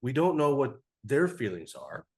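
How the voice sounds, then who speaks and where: A man's voice: medium pitch, wildly swooping pitch, moderate pace. Rambling man telling a trip story. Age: 40s. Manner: rambling, loose, lots of "like" fillers and casual swearing. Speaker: podcast guest. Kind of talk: casual storytelling. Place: cigar podcast studio.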